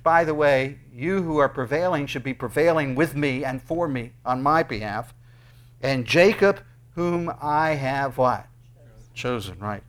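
A male pastor preaching an earnest sermon, with emphatic rises and quick bursts between quieter explanations. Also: mid-range voice.

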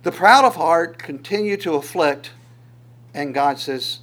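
A man whose voice sits a little high preaches at a measured pace, teaching the Psalms verse by verse. Lively in manner, he asks rhetorical questions, chuckles now and again, and renders God's words as quoted speech.

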